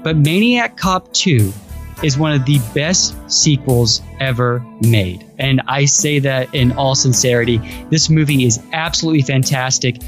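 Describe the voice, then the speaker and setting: A man's voice: medium pitch, a little slow, faint music behind. A man co-hosting a podcast in casual chat, enthusiastic and rambling, often restarting his sentences. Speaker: podcast co-host.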